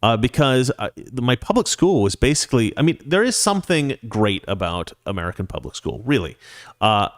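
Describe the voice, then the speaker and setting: A man's voice: medium pitch, very animated, a little fast, no echo, clean studio sound. Opinionated man hosting a solo talk show. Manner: opinionated, conversational, frequent restarts. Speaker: show host. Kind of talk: solo political commentary, reading viewer messages.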